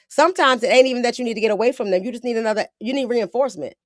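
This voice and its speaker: A woman's voice: fairly high pitch, very fast, no echo, clean studio sound. A woman hosting a podcast, talking bluntly in casual slang, often acting out quotes. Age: adult with a daughter. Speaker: podcast host.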